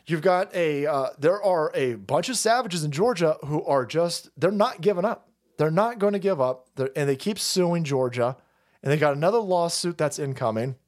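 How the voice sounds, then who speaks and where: Man, livestream host, profane sarcastic rant, high voice, wildly swinging pitch. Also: lively intonation, normal speed, darkish tone. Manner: profane, sarcastic ranting with frequent laughs.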